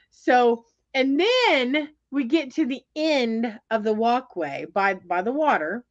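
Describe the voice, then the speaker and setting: A woman telling a story in casual chat, animated and exasperated, with lots of fillers and restarts. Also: fairly high pitch. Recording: dull lo-fi sound.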